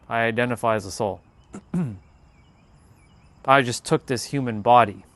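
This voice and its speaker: A relaxed man talking off the cuff to his live stream audience. His pitch sits at an ordinary middle level for a man, and he drifts loosely from thought to thought. He addresses viewers directly in an easygoing, unhurried way. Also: dry recording. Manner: laid-back, rambling, talks straight to viewers. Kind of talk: casual live stream chat.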